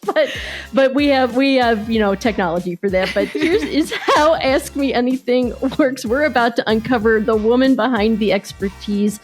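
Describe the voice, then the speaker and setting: A woman hosting a podcast, introducing a segment in a playful, upbeat way and cheering her guest on with quick affirmations. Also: fairly high pitch, faint music behind. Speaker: podcast host. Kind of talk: scripted segment intro and interview chat.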